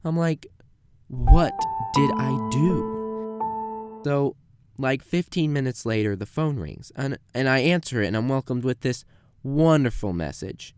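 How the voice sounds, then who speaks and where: A young man narrating a comedic story about his grocery job, jumping into quick put-on voices for the people in it. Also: expressive, a little mellow, soft background music. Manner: acts out quoted customers with jumps in pitch. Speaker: animated storyteller.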